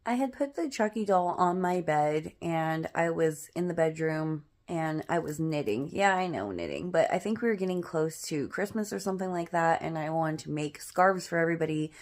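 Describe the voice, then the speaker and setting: A woman's voice: sits low, moderate pace, few pauses, a little mellow. A middle-aged woman telling a personal ghost story in a chatty, dramatic way, full of fillers. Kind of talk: casual spoken ghost story.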